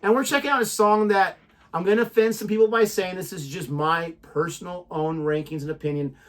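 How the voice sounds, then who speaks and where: A male host opens a casual music reaction chat in a slightly high voice. He talks in a chatty, opinionated way, laying out his views at an even clip. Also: a little fast.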